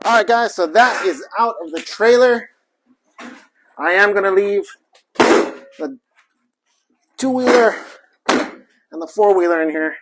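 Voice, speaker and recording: A man's voice: high voice, slow, long pauses, noisy background. Breathless chatty man vlogging outdoors. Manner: chatty, rambling, self-joking. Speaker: vlogger, small shop owner. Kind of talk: casual vlog chat while working. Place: outdoors by a trailer and yard.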